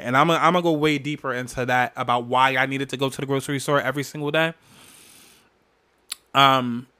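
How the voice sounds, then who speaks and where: A man hosting a solo podcast, telling family memories in a candid, emotional way with lots of profanity and animated bursts. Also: medium pitch. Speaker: podcast host.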